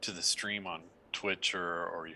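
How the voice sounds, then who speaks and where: A man's voice: sits low, level tone, a little slow, sharp tone, a little hiss or hum, low-quality recording. A man, a player, chatting and teasing at a tabletop game session. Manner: laughing, teasing. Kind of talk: casual chat at a game table.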